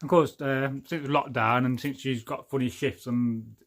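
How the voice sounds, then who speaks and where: A man's voice: medium pitch, fairly even intonation, unhurried, creaky. A middle-aged man from England, casually chatting on a livestream, reading out viewer comments with jokes, rambling asides and frequent laughs. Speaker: livestream host.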